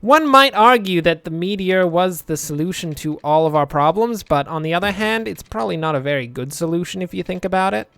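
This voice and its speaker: High, smooth-voiced young man rambling. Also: expressive, fairly quick, few pauses, fairly bright tone, dry recording. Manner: rambling, joking, muttering asides to himself. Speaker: let's play host. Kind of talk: casual gameplay commentary.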